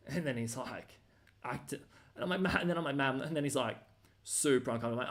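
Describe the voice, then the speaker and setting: A man's voice: mid-range voice, animated, fast, vocal fry, fairly bright tone. An Australian man ranting casually, rambling and slangy with lots of fillers and restarts.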